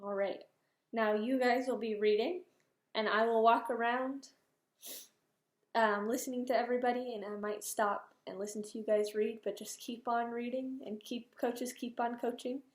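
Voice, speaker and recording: A young woman teaching a reading lesson, explaining steps to students in a clear, patient way. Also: a little high, steady tone, normal speed, reverberant. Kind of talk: classroom lesson, micro-teach practice.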